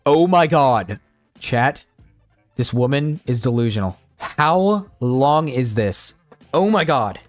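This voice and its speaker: A man's voice: medium pitch, lively intonation, takes it slowly, soft background music. Exasperated man ranting, swearing. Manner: talks to chat like a streamer. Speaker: drama commentator. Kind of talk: reaction commentary.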